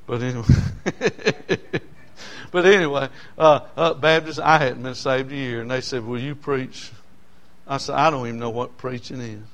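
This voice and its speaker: A man's voice: mid-range voice, steady tone, fairly quick, a bit bright. Folksy preacher man telling stories. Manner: folksy storytelling, rising to emotional peaks. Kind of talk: sermon with personal testimony.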